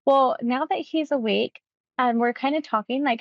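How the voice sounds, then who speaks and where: A woman's voice: high voice, normal speed, dry recording, dull audio. A woman hypnotist casually retelling a client session, acting out the quoted lines with animation.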